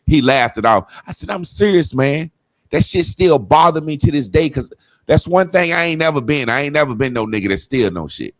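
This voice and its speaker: Profane, animated male storyteller. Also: on the high side, brisk, no room sound. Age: adult. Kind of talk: casual storytelling chat.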